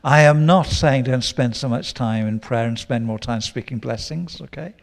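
A man preaching a sermon, teaching with lively quoted prayers and asides. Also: mid-range voice, moderate pace. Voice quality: gravelly.

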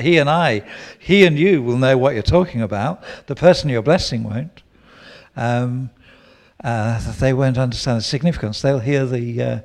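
A man preaching a sermon, teaching with lively quoted prayers and asides. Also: medium pitch. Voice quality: gravelly.

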